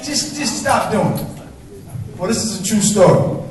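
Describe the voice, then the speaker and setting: A man with a high voice delivers spoken word poetry at a live open mic, rhythmic and emphatic in his phrasing. He is heard from some distance through a very echoey room, with faint noise underneath. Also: lively intonation, a little slow. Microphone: stage microphone.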